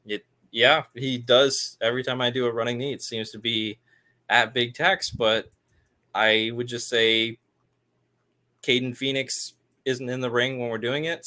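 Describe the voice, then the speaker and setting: A man's voice: medium pitch, fairly even intonation, unhurried, bright, forceful tone. A man being interviewed as a wrestler guest, chatting casually with short, dry-humored replies.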